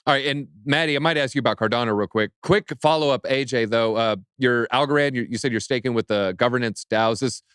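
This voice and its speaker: A man hosting a casual panel chat, brisk and joking as he reads news aloud. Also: mid-range voice, a bit bright, clear, resonant tone, no echo, clean studio sound. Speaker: show host.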